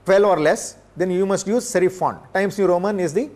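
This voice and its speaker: An older man from India, giving a classroom lecture in a measured way, pausing often with filler sounds. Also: high-pitched, darkish tone. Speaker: professor. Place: lecture room.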